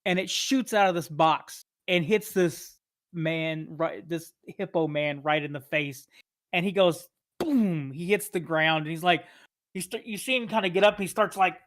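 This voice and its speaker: A man's voice: fairly high pitch, unhurried, a bit bright. A man narrating a tabletop game as game master, rambling with many fillers and chuckles.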